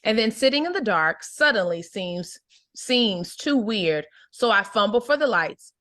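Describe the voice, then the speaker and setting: A woman teaching an adult English book club, reading a novel aloud and then explaining it slowly and clearly. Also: mid-range voice, lively intonation, a bit bright. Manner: slow, clear teacher explanations with check-ins.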